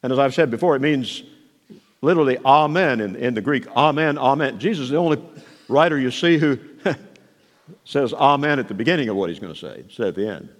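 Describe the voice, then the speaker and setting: A man preaching a sermon, moving between soft asides and raised, emphatic declarations. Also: mid-range voice, expressive, brisk. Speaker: pastor. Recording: long hall reverb.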